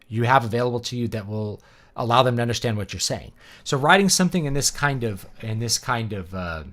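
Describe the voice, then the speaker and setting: A man's voice: medium pitch, a bit bright. A man who is a teacher and author, chatting casually and rambling while he plays a game, with lots of ums and opinions. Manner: rambling, opinionated, full of fillers. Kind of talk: casual chat over gameplay.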